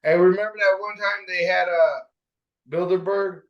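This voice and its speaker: Slow-reading man, muffled sound. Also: sits high, fairly even intonation. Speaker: scripture reader. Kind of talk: reading aloud in a discussion.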